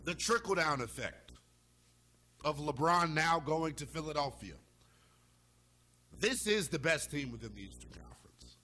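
Sports radio host, male, high bright voice, big swings in pitch, emphatic rant to listeners. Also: unhurried, pauses often. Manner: animated, emphatic, fired-up arguing; talks straight to listeners. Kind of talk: sports talk radio monologue.

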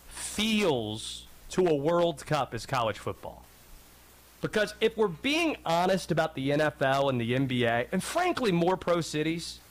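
A man's voice: fairly high pitch, fairly bright tone. A man from North Carolina in his thirties hosting a sports talk radio show, talking in a wry, digressive way.

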